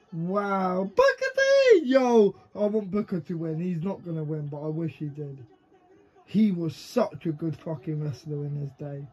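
A man giving casual, excitable reaction commentary to the screen, swearing freely. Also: a little high, normal speed, husky, lo-fi sound. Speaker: reaction video creator.

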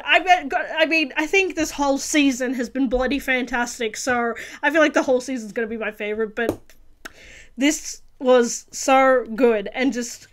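Woman, high voice, earnest gushing reaction-video host, lots of restarts and fillers. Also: normal speed. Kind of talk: casual video reaction review.

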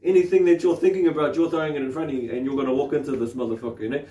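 A man's voice: on the high side, steady tone, rapid-fire, warm tone, lo-fi sound. Male NZ meditation teacher, rambling and profane, chuckles a lot, echoey room and distant mic. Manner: swearing, laughing often, rambling with many fillers. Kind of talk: casual spiritual talk. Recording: roomy sound from off the mic.

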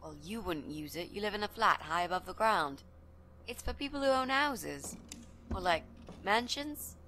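An actress voicing a nervous, helpful neighbour who speaks hesitantly. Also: female voice, mid-range voice, expressive, normal speed, pushed and bright, slight background noise. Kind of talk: video game voice acting.

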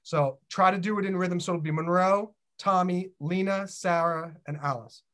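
A woman's voice: fairly low pitch, steady tone, moderate pace. A woman leading a laughter yoga group on a video call, coaxing people and laughing through her words.

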